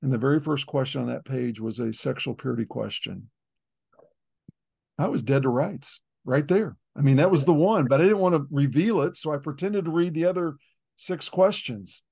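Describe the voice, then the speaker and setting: A man's voice: on the high side, moderate pace, gravelly, a little mellow, husky. A middle-aged man in ministry telling a personal testimony earnestly in conversation, repeating words when emotional. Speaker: ministry leader, guest.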